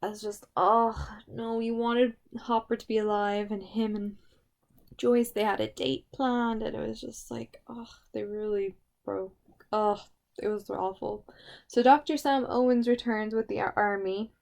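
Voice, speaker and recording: A woman's voice: a little high, steady tone, a little slow, vocal fry, a little mellow. A woman giving a casual spoken review of a TV series, gushing and emotional, with lots of "like" fillers.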